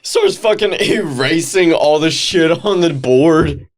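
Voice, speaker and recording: A man's voice: fairly high pitch, lively intonation, takes it slowly. A man co-hosting a podcast, chiming in with jokes and short agreements in casual chat. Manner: jokey interjections, short agreeing replies. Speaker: podcast co-host.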